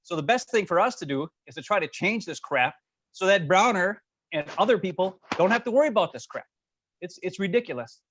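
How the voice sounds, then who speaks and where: Fast-talking fired-up man. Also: sits high, animated, a bit bright, slight background noise. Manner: fired-up, passionate, talks fast. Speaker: podcast co-host. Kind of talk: casual chat.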